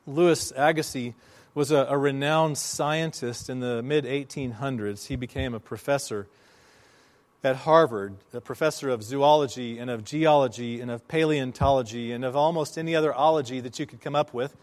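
A man preaching a sermon, telling a story with slow, emphatic phrasing and dramatic pauses. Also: medium pitch. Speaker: pastor.

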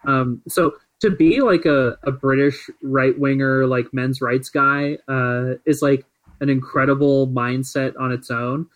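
A man's voice: mid-range voice, steady tone, a little slow, rough recording. A man co-hosting a casual podcast chat, rambling with many filler words. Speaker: podcast co-host.

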